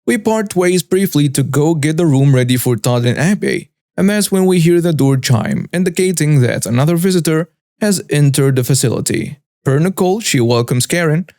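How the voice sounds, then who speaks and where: A man's voice: medium pitch, darkish tone, dry recording, clean studio sound. A man narrating a written online story and acting out its characters. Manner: brisk storytelling that acts out each character. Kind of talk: scripted narration of a reddit story.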